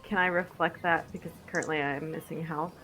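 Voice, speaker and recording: A woman taking part as a player in a tabletop game, chatty with quick asides. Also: low voice, fairly even intonation, a bit bright, slight background noise.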